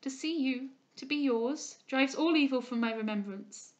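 A gentle young heroine, weak from illness, speaks softly and tenderly, as a woman reads her aloud. Her voice sits fairly high, and the recording is muffled and lo-fi. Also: moderate pace, close to an everyday voice. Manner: soft and tender.

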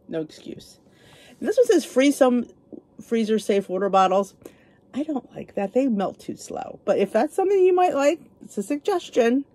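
A middle-aged woman talks casually from her home kitchen, wandering into asides as she goes. Her voice moves up and down in a very lively way. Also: mid-range voice. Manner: chatty and rambling, with frequent asides. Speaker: vlogger. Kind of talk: casual chat.

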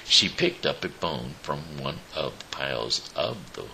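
Very deep, gravelly man reading a story. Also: expressive, sharp tone, a little hiss or hum, poor audio. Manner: slow, with small slips and restarts. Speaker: show host reading a story.

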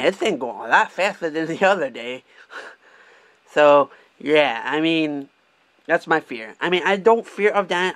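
A man's voice: medium pitch, a bit bright, dry recording. Young man rambling candidly while driving. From Michigan. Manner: candid, swears often, halting restarts. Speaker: vlogger. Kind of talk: casual rambling vlog. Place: car, driving.

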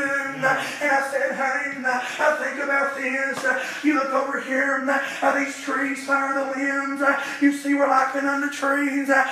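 A man preaching, chanting his sermon in bursts, with a sharp "uh" breath before each phrase. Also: very high voice, slight background noise. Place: church sanctuary. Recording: echoey church from far off.

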